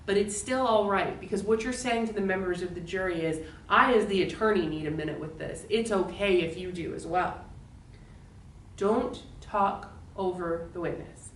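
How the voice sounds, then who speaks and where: A woman's voice: medium pitch, far from the mic, a little hiss or hum. Woman explaining steadily in a roomy space. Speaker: law instructor. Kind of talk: recorded lecture.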